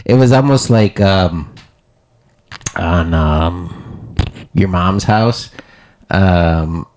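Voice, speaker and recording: A man's voice: low-pitched, drawn-out words. A man, co-hosting a casual podcast chat and telling stories with acted-out quotes and laughter. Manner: animated storyteller, acts out quotes with laughs. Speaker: podcast co-host.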